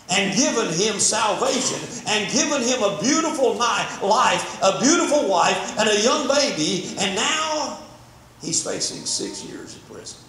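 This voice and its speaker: An older man preaches with fervent storytelling, stumbling and repeating words as he goes. His voice is high and swings widely. The sound comes from a very echoey church sanctuary with faint noise behind. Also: fairly bright tone. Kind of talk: sermon.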